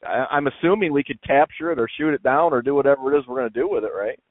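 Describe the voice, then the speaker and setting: A man's voice: mid-range voice, no room sound. A man co-hosting a casual radio chat, laughing often and repeating himself as he talks. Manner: laughs often, halting and repetitive. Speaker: radio co-host. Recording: dry phone-line audio.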